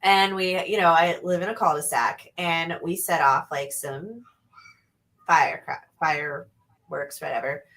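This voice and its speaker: A woman chatting casually, telling an animated, rambling story and swearing freely. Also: low-pitched, unhurried.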